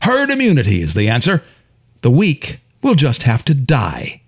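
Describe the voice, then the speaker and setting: A man voicing a hostile, ranting middle-aged customer with a rasping voice. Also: mid-range voice, huge pitch swings, moderate pace.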